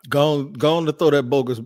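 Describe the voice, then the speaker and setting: A middle-aged man hosting a sports podcast, ribbing his co-hosts in loose, slangy banter. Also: fairly high pitch. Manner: playful teasing, slangy. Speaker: podcast host. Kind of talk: casual sports chat.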